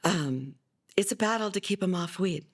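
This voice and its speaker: Animated and at a normal speed, a woman relates her son's story for a documentary as a middle-aged mother, talking conversationally with fillers and restarts. Quoting others, she becomes more lively and higher-pitched.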